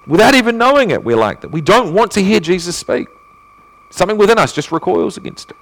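A male pastor preaching a sermon in earnest, asking rhetorical questions and swinging between emphatic and hushed delivery. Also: high-pitched, big pitch swings, fast talker, vocal fry.

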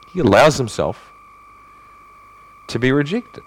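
Lively, earnest male pastor preaching. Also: mid-range voice, moderate pace, pauses often, a little hiss or hum. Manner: earnest preaching with rhetorical questions, swinging from emphatic to hushed. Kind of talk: sermon.

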